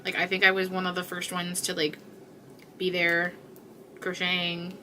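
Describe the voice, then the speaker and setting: A woman's voice: on the low side, monotone, moderate pace, sharp tone, slight background noise. A woman hosting a crochet livestream, chatting casually with viewers in a rambling way with many fillers, tired and yawning. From Canada.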